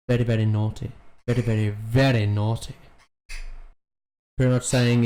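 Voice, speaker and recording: A man talks through a show episode in loose, off-the-cuff commentary. He is excitable and swears freely, and his voice sits at an ordinary middle pitch. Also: moderate pace, long pauses, a little hiss or hum. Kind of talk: casual reaction commentary.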